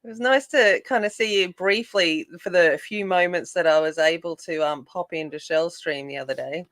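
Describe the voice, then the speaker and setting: An Australian woman hosting a casual colouring livestream. She chats while she works, greets viewers by name and thinks out loud. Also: on the low side, normal speed. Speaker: adult colouring livestream host.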